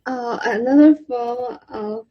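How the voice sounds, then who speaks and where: A woman learning a language, talking haltingly with many restarts and fillers over a video call. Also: fairly high pitch, lo-fi sound, soft background music. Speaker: language student. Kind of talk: halting spoken practice.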